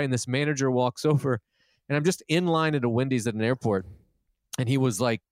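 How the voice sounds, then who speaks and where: A man's voice: medium pitch, no room sound, studio quality. A man who is a comedian, talking in a casual chat, self-deprecating and rambling, with many restarts, and swearing freely when he acts out a scene. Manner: profane and animated when retelling scenes.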